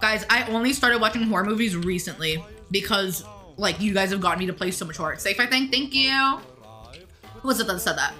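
A woman's voice: mid-range voice, brisk, bright, forceful tone, faint music behind. A woman streaming a game live, chatting casually and answering her viewers' messages as they come in. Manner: chatty, reads chat aloud and answers viewers. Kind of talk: casual live-stream chat while gaming.

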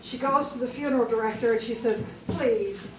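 A woman doing stand-up comedy on a club stage, telling jokes in a slow, deliberate way with filler pauses. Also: fairly high pitch, steady tone. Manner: deliberate, drawn-out joke delivery with filler pauses. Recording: roomy club sound from far off, crowd noise.

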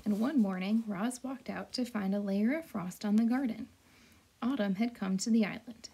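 A woman reading a children's novel aloud, with gentle, clear, measured narration. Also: mid-range voice. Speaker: storyteller. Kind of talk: storybook read-aloud.

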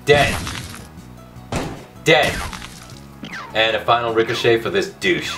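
A man commentating his own gameplay for a comic video, loud and excitable, ranting and yelling at the game, his voice going hoarse. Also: medium pitch, slow pace, far from the mic, music in the background. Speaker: gaming video host.

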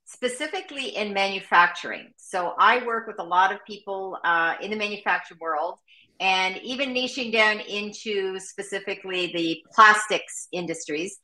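A woman guest on a live talk show, chatty and lively, introducing her work. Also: medium pitch, moderate pace, roomy sound, poor audio. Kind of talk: casual chat.

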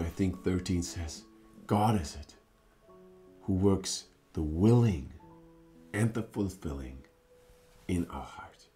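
A man preaching a devotional sermon, earnest and pleading, moving between hushed words and fervent appeals. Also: deep voice.

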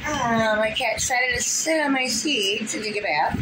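A woman's voice: on the high side, moderate pace, background noise. A woman vlogging casually about her pets, chatty and easygoing, slipping into baby talk with them. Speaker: vlogger and pet owner. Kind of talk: casual vlog chat.

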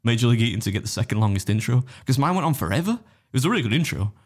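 A man's voice: mid-range voice, big pitch swings. A man co-hosting a casual podcast, telling stories at speed, acting out other people's quotes and swearing freely. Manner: rapid anecdotal storytelling, acting out others' quotes. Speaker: podcast co-host and competitive eater.

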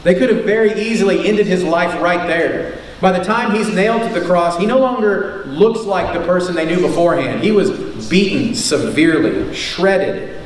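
Preaching at a moderate pace, a high-voiced man delivers a sermon in a church sanctuary as preacher and teacher. His style is emphatic, with repeated key lines and rhetorical questions. The room echoes, the mic is far off, and there's faint noise.

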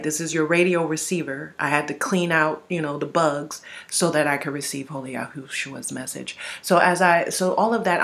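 A woman giving a spiritual testimony and teaching in a rambling, conversational way, often asking "right?" and repeating words as she goes. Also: sits low. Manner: conversational, rambling, frequent "you know" and "right?"; frequent word repeats and restarts. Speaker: ministry teacher.

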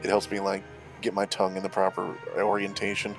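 A man's voice: low-pitched, completely flat delivery, a little fast, music in the background. A man co-hosting a let's play who chats in a joking, self-deprecating way. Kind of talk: casual commentary.

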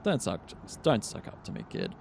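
A man's voice: lowish voice, huge pitch swings, moderate pace, vocal fry, a little mellow, a little hiss or hum, heavily acted. A man voicing a sardonic male vampire fixer who talks in a dry, condescending way. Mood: smug.

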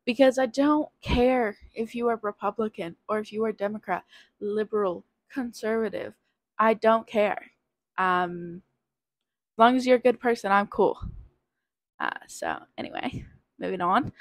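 A mid-range, expressive voice, a little slow and full of pauses, belongs to a nineteen-year-old woman with covid doing a quiz aloud in a casual vlog. Her manner is rambling, hesitant and self-deprecating, captured in a low-quality recording with no echo.

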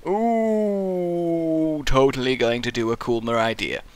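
A man's voice: on the high side, fairly even intonation, slow, clean tone. A young man, commentating his own gameplay in a rambling, goofy way, muttering to himself and slipping into silly voices. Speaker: Minecraft let's player.

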